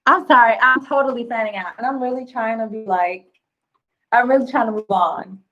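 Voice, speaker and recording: A woman's voice: fairly high pitch, fairly quick, a bit bright, highs cut off. A woman vocal coach with a Southern US accent, chatting casually on a livestream, laughing often and breaking into song now and then.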